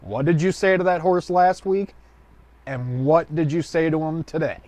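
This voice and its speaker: A man's voice: a little high, normal speed, darkish tone, voice pushed up, natural voice. Man doing a laid-back bartender. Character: easygoing adult male bartender.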